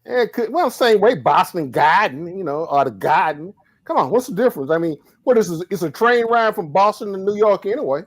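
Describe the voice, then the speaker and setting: Guy on a sports podcast panel, kinda high voice, rambles and jokes, dry. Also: expressive, brisk, few pauses, no room sound. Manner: rambling, restarts sentences, jokey. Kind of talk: casual sports talk.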